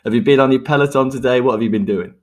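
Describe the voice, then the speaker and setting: A man's voice: mid-range voice, rapid-fire. A man hosting a podcast in casual chat, joking and laughing often and repeating words as he goes. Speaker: podcast host.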